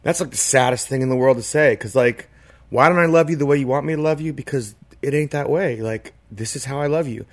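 A man's voice: mid-range voice, brisk. A man in casual podcast chat, talking in a reflective, rambling way with many "like" and "you know" fillers. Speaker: podcast co-host.

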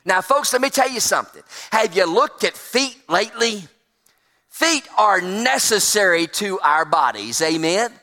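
A man's voice: sits high, animated, unhurried, bright, forceful tone. A man preaching a sermon as pastor, folksy and emphatic, stretching out key words. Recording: long hall reverb.

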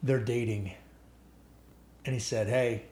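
A man's voice: mid-range voice, steady tone, takes it slowly, mellow, roomy sound, slight background noise. A pastor in casual conversation, giving earnest advice and repeating his warnings.

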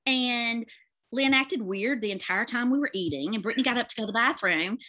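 Animated storyteller woman. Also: a little high, a little fast. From Mississippi, USA. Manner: animated storyteller who acts out quoted dialogue. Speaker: guest. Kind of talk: casual storytelling chat.

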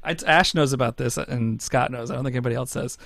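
A man co-hosting a podcast in casual, excitable, self-mocking chat, laughing often. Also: mid-range voice, fast talker, vocal fry, no room sound, clean studio sound. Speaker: podcast co-host.

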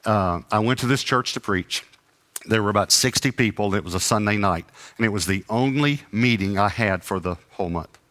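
A middle-aged man preaches, his voice fairly low yet bright and forceful. He tells a story from the pulpit and acts out both sides of the dialogue, poking fun at himself as he goes. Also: a little fast. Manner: animated anecdotes with acted-out dialogue and self-deprecating humor. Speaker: traveling preacher. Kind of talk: sermon storytelling.

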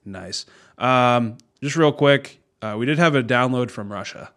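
A man at a medium pitch, co-hosting a podcast in a relaxed, casual chat. He swears freely, and his sentences drift and trail off. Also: measured pace. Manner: laid-back, swears often, trails off. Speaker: podcast co-host.

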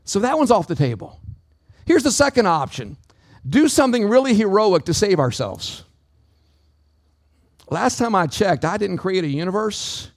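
A man's voice: high-pitched, sing-song, moderate pace, long pauses, dry recording, clean studio sound. A man preaching a sermon as pastor, calling out to the congregation with a dynamic, swinging delivery. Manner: preaching with call-outs to the congregation.

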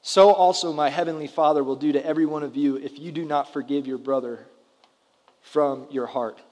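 With fairly even intonation and a darkish tone, a man in his thirties preaches at normal speed in a voice on the high side. He's a pastor speaking conversationally to his congregation and often putting questions to them, captured in a roomy hall with long reverb.

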